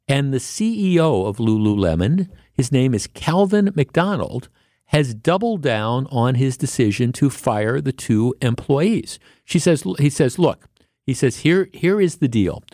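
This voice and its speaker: A man's voice: mid-range voice, dark tone, no room sound, clean studio sound. A man hosting a talk radio show, delivering a rambling, indignant monologue with frequent restarts.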